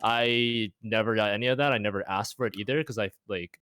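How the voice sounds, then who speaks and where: A young man with a lowish voice talks things through as an interview guest, reflective and a little halting. He leans on "like" constantly. The sound is close and dry, with no room around it. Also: fairly even intonation, bright, forceful tone, clean tone, dry recording. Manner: reflective, halting, heavy use of "like". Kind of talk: casual chat.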